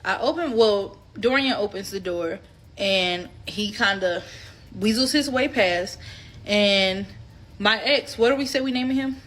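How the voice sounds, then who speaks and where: A woman in her twenties casually telling a personal story to her viewers, candid, animated and freely profane. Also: medium pitch, measured pace. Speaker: storytime vlogger.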